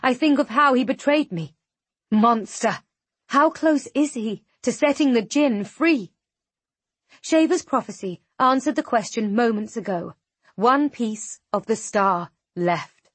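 A woman reading a fantasy novel aloud in the first person, her voice a little high for a woman's. She takes her time over every line, measured and tense. The recording is close and dry. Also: slightly rough, no echo. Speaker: audiobook narrator. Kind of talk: first-person audiobook narration.

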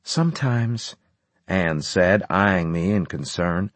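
A man narrating a first-person story in an expressive, storytelling way. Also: low voice, unhurried, no echo. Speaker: audiobook narrator.

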